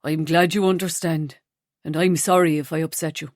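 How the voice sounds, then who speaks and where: A woman narrator voicing a shy, gentle young man who speaks softly and hesitantly. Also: low voice, steady tone, moderate pace, no echo, studio quality, pitched below the performer's own voice, natural voice. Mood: shy, tender.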